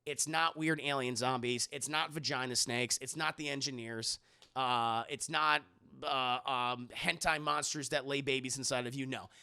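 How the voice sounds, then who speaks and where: Gravelly, bright-voiced man recapping a film. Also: medium pitch, fairly even intonation, normal speed. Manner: profane, rambling, keeps addressing chat. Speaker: streamer reviewing a film. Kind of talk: casual spoiler recap to a live chat.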